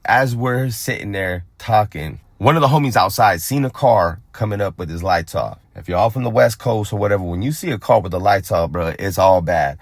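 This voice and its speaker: A man's voice: on the low side, a little fast, few pauses, dry recording. A young adult man from Phoenix tells a street story in a casual, profane way and acts out other people's lines. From Phoenix, Arizona. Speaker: storyteller on a vlog channel.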